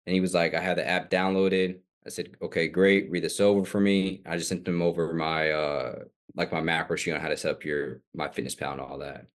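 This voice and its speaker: A man's voice: low voice, fairly even intonation, a little fast, few pauses. A man, a fitness coach, casually reading his text messages aloud on a coaching call.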